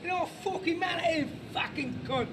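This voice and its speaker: A man's voice: very high voice, brisk, very noisy, pitched above the performer's own voice. A man voicing an aggressive Cockney street thug with a put-on Cockney accent, swearing and making threats. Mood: menacing. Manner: snarling threats, heavy swearing.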